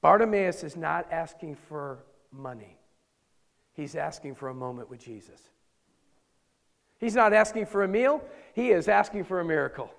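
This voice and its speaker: A man preaching a sermon as pastor, moving between loud emphasis and hushed, intimate asides. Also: a little high, lively intonation, moderate pace, creaky. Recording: long hall reverb.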